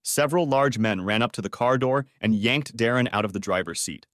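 A man's voice: medium pitch, fairly quick, a bit bright, dry recording. A man narrating a dramatic audiobook story in a scripted reading, on a close studio mic.

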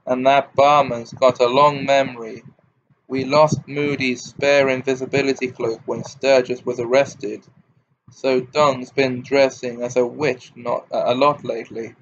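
A man reading the part of a wry, protective grown man in an audiobook, with a dry, brisk, amused delivery. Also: mid-range voice, flat delivery, highs cut off, natural voice.

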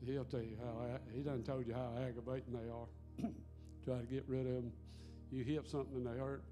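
A man tells a homespun story from the front of a church before leading communion. His voice is mid-pitched, and faint guitar music plays behind him. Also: flat delivery, fairly quick, dark tone. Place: church sanctuary.

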